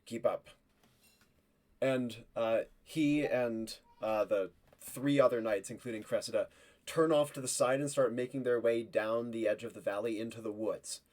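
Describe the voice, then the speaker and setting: A man narrating a tabletop role-play game as game master, with halting phrasing and the occasional acted line for the knights. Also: medium pitch, fairly even intonation, a little mellow. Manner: halting narration with many fillers and restarts, acting out knights' lines.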